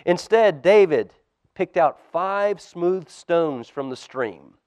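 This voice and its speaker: A man, a pastor, reading a storybook aloud to children at a church service, animated and dropping to a hush for suspense. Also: sits high, slow, clear, resonant tone, dry recording.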